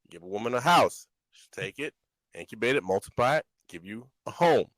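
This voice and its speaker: A man's voice: mid-range voice, animated, a little fast, fairly bright tone, dry recording, rough recording. A man hosting a podcast in casual chat, playful as he leads a game of set scenarios. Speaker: podcast host.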